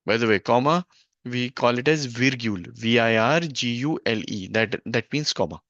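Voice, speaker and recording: A man teaching a French grammar lesson from a worksheet, slow and stop-start, often correcting himself, on a dull lo-fi recording. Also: mid-range voice, fairly bright tone, no echo.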